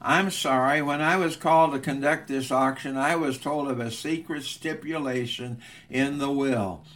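A man's voice: medium pitch, fairly even intonation, normal speed, a bit bright, natural voice. A man voicing a persistent male auctioneer who calls out bids insistently in a retold story. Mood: solemn.

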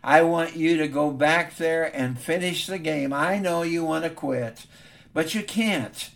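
Male preacher playing a gentle father, earnest and a little halting. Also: fairly high pitch, vocal fry. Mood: tender. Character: tender, proud father comforting his son.

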